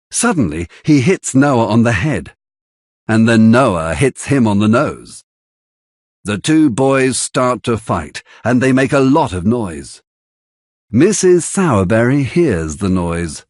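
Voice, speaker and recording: A man narrating a graded-reader storybook slowly and carefully, with an expressive, husky voice. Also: mid-range voice, no echo, clean studio sound. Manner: careful, deliberate, expressive delivery. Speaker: audiobook narrator.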